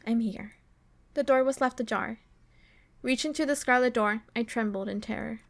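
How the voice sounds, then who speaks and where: A woman streamer reading a visual novel's text aloud, slow and dramatic, breaking off to swear and react. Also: on the high side.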